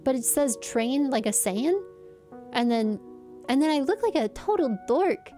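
A woman's voice: high voice, animated, unhurried, dark tone, soft background music. A young woman telling stories in a rambling, giggly vlog chat. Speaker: streamer.

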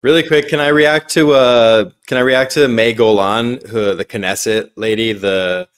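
A man, a comedian guest on a podcast, chatting casually and making quick jokes. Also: mid-range voice, steady tone, clear, resonant tone. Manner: joking, quick asides.

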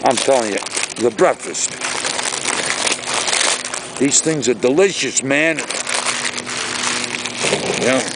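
A man's voice: medium pitch, lively intonation, takes it slowly, pauses often, heavy background noise. A man talking casually to his camera outdoors by a lake, rambling and ranting in a chatty vlog. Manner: rambling, chatty, exaggerated rants. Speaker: vlogger.

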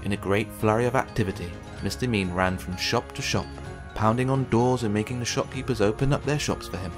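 A man reading a children's picture book aloud with gentle, expressive storytelling. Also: on the low side, a little fast. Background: faint background music.

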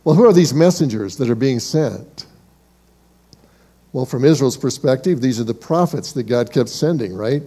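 A man preaching a church sermon, asking rhetorical questions and calling his listeners beloved, moving from emphatic lines to hushed ones. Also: medium pitch, animated, normal speed. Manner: dynamic delivery, shifting from emphatic to hushed. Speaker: pastor.

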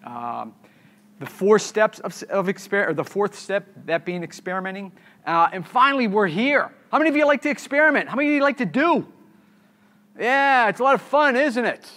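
A man with a notably high voice delivers a live conference keynote. He keeps firing questions at the audience and repeats his key words for emphasis. His stammered restarts keep it sounding unscripted. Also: animated, moderate pace, bright, forceful tone.

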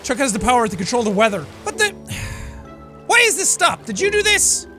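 A man giving excitable let's play commentary, swinging from yelling outbursts to low mutters. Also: normal speed, soft background music. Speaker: gameplay commentator.

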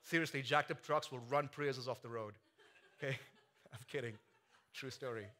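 A man preaching a sermon, swinging from quiet, joking asides to loud, soaring climaxes. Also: medium pitch, steady tone, moderate pace, a little hiss or hum. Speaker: pastor. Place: church sanctuary.

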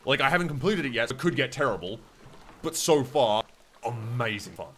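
Playing a game on stream, a young Australian man keeps up casual commentary in an animated, brisk, sharp-toned voice of medium pitch. He's chatty, swears, and reads chat aloud while answering viewers.

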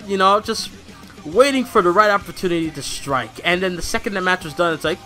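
In a casual commentary vlog, a man gives a loose, rambling review of wrestling shows, talking a little fast and sounding excitable and casually profane. His high voice is bright and forceful, with faint music underneath.

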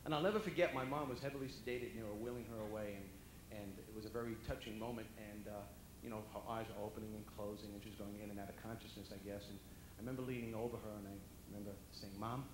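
A male comedian telling animated stand-up stories to a dinner audience, often jumping into loud character voices. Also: on the low side, fast talker. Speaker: comedian and motivational speaker. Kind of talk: stand-up storytelling. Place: banquet hall before a dinner audience. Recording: echoey hall with audience noise.

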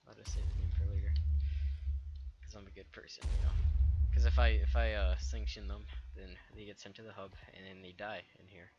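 A young man giving jokey live game commentary with loud outbursts, recorded at a home gaming setup. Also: lowish voice, little pitch movement, a little fast, lo-fi sound, background noise. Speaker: gaming YouTuber.

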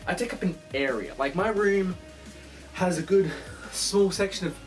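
A young man vlogging from his bedroom in a casual rambling monologue, animated, swearing a lot and acting out the voices of phone calls. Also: high voice, normal speed, music in the background.

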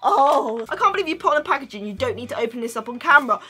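A young woman vlogging as she unboxes fan mail, gushing and chatty with bursts of squealing excitement. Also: sits high, racing, slight background noise. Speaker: YouTuber.

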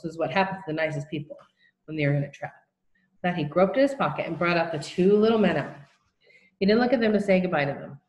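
A woman reading a children's novel aloud as narrator, in a steady, plain storytelling manner. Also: low voice. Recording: roomy echo.

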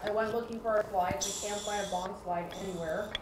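A woman co-host chatting in quick asides from across the room. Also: medium pitch, steady tone. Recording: echoey room, far from mic, noisy.

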